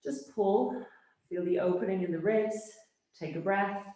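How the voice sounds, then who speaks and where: A woman instructor talks a class through a Pilates workout, her cues brisk and encouraging. She often checks in with a quick "yes?". The studio is very echoey. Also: mid-range voice, warm tone, muffled recording. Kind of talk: cueing an exercise class. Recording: very echoey room.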